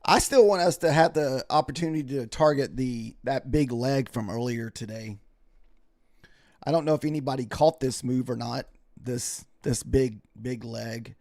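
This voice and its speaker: A man's voice: mid-range voice, normal speed, creaky, dry recording, clean studio sound. Tired man commentating a trading stream. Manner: relaxed, rambling, thanks followers by name. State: tired, yawning. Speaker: livestream futures trader. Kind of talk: casual live-stream commentary.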